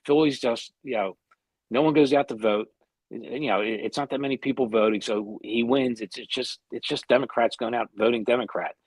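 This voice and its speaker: Husky, blunt man in heated podcast talk. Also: mid-range voice, fairly even intonation, brisk, no echo. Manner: blunt, heated, heavy swearing. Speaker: podcast co-host. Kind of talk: casual podcast chat.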